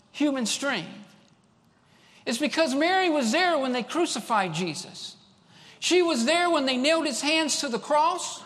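A man preaching a fervent sermon, repeating lines for emphasis and rising to shouts. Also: extremely high pitch, long reverb tail.

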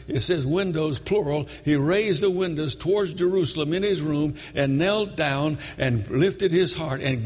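An older man preaching a sermon, telling the story dramatically and shouting high when he voices its characters. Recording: long reverb of a large hall.

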